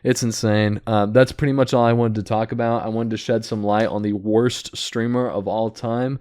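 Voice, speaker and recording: A man's voice: on the low side, steady tone, normal speed, a little mellow, clear, resonant tone, dry recording. A man hosting a casual reaction commentary, ranting with disapproval and leaning on fillers and restarts. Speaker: commentary host.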